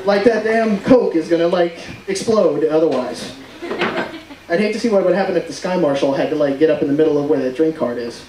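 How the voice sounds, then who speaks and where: A man doing a stand-up comedy set on stage, joking loudly and slipping into put-on voices. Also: fairly high pitch, a little fast, noisy background. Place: comedy club stage with audience. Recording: echoey room, far mic, crowd laughter.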